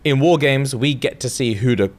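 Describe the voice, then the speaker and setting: A man's voice: medium pitch, moderate pace. A young man, casually retelling a story on a podcast and acting out the characters' lines with slang and swearing. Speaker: podcast co-host.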